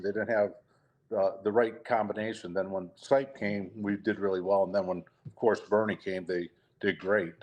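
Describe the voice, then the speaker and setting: An older man from Detroit, a retired football player, telling lively stories in casual chat, acting out quotes and laughing often. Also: fairly low pitch. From Detroit, USA. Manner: animated storyteller, acts out quotes, laughs often.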